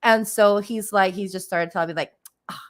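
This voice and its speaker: A woman's voice: mid-range voice, fairly even intonation, fairly quick. Chatty, giggly woman livestream host. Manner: chatty and giggly, with many fillers. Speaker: livestream host and spiritual reader. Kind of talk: casual livestream chat.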